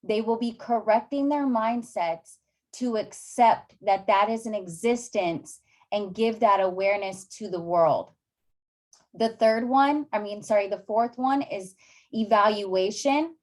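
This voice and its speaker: A woman's voice: medium pitch, a little slow. A woman hosting a summit session, enthusiastically praising the speakers and instructing listeners through a list of steps. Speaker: summit host.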